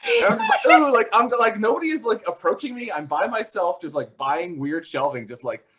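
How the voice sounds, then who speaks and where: A man's voice: sits high, very animated, fairly quick, a bit bright. A man guesting on a casual podcast, telling stories in a giggly, self-mocking way. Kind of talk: casual chat.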